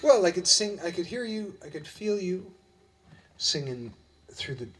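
A middle-aged man hosts a live-streamed singalong, greeting viewers one by one in an unhurried, chatty way. His speaking voice sits slightly high for a man. Soft guitar plays faintly behind him. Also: very animated, breathy edge. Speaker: livestream musician host. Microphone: webcam or computer mic.

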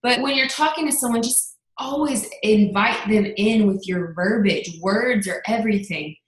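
A young adult woman giving a chatty motivational talk on a sales team call, telling stories with lively quoted asides. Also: medium pitch, normal speed, reverberant, rough recording.

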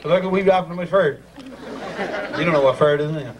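A man's voice: fairly high pitch, fast, dull audio. Boisterous man amid a noisy crowd. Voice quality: boisterous, teasing, laughing. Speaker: ceremony master. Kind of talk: joking ceremony patter. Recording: noisy crowd, distant amateur video.

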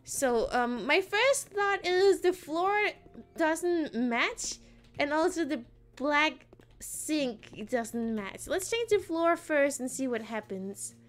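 A woman's voice: high-pitched, animated, slow pace. A woman streaming a game, chatting playfully with her viewers and giggling often. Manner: playful, giggly, answering chat. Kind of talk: casual live-stream chat while gaming.

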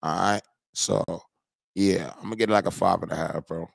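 A man's voice: deep voice, fairly even intonation, normal speed, creaky, no echo, clean studio sound. A young man hosting a live song review, casual and profane, getting heated and confrontational. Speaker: music reviewer.

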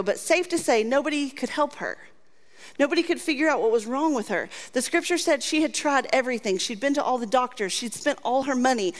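A woman pastor preaching a sermon, earnest and repetitive, mixing scripture reading with conversational asides. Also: sits high. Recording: long hall reverb.

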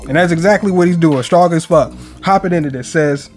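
A man's voice: on the high side, a little fast, soft background music. A young man casually reacting to a manga chapter, slangy, profane and joking as he reads it out. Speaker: manga reviewer.

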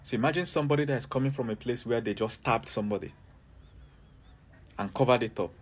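A man's voice: mid-range voice, fast, slightly rough, dull audio. A man who works as a herbalist, giving health advice straight to camera in an emphatic, repetitive way and keeps asking the viewer to look and listen. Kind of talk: direct-to-camera advice video.

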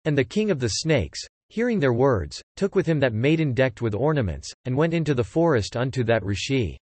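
A man narrating an ancient epic in a measured, formal reading. His pitch moves in a lively, expressive way. The sound is dry and close to the mic. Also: slightly rough, dry recording.

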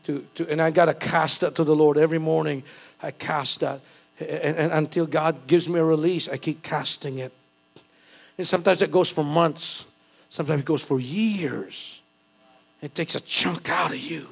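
A man's voice: a little high, gravelly, breathy edge. A middle-aged man from the Philippines, preaching a sermon in a conversational, self-deprecating way with bursts of fervor. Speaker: pastor.

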